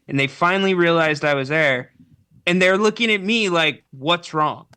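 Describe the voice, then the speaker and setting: A man co-hosting a casual talk show, telling an anecdote with animated quoted voices and casual swearing. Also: a little high, normal speed, clean tone. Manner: animated storyteller who acts out the people he quotes, swears freely. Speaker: podcast co-host.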